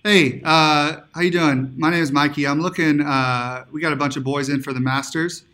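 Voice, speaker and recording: A man's voice: on the high side, fairly even intonation, normal speed, sharp tone. A man faking a Southern accent on a prank phone call, chummy and rambling as he wheedles for tips. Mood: wheedling. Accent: put-on Southern US. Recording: phone call played on a podcast.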